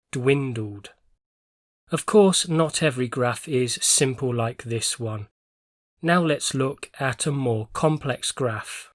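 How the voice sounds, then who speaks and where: A male English teacher talks through a vocabulary lesson at an unhurried pace, every word set down clearly and deliberately. His voice sits at an ordinary pitch and is recorded very dry and close, with no room sound around it. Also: a bit bright, no room sound. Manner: clear, measured explanation with careful word stress.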